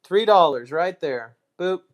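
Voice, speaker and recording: A man hosting a casual live stream, muttering to himself while sorting items and throwing quick asides to the chat. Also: sits high, lively intonation, muffled recording.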